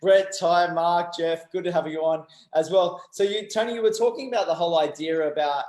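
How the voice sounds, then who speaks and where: A man's voice: a little high, a little fast, darkish tone. A man hosting a casual chat, joking and laughing easily. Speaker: host. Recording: echoey room.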